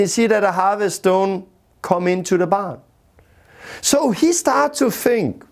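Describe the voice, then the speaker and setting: A man leading a Bible lesson, returning to the same key words again and again for emphasis. His phrasing is plain and simple, with small grammar slips, and he keeps the pace of a steady classroom talk. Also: high-pitched, normal speed. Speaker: Bible teacher.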